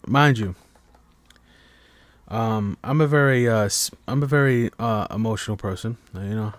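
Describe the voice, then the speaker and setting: A man's voice: lowish voice, moderate pace, dry recording. Rambling, stammering man on a late-night stream. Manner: rambling, stammering restarts, heavy swearing. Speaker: live stream podcast host. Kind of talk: casual late-night monologue. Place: at home while others sleep.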